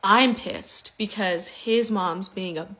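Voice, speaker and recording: A young woman casually telling a personal story, animated and mimicking the people she quotes. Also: medium pitch, slow pace, low-quality recording.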